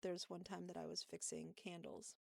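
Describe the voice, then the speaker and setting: A woman's voice: on the low side, very animated, normal speed, gravelly, no echo, studio quality. A young woman co-hosting a podcast, telling a workplace story in a rambling way with fillers and laughs. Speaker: podcast co-host. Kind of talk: casual storytelling chat.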